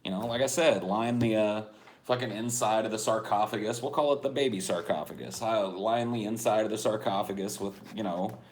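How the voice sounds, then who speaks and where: A man co-hosting a podcast, rambling through a profane, deadpan rant in casual chat. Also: lowish voice, brisk, slight background noise. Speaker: podcast co-host.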